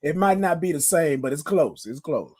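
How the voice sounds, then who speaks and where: A man in his fifties with a hoarse voice from a cold, hosting a casual morning live stream and greeting viewers by name. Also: fairly high pitch, expressive, normal speed, darkish tone, dry recording. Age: 50s. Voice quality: rough, scratchy voice. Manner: chatty, greets viewers by name, calls them y'all. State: hoarse, sick with a cough.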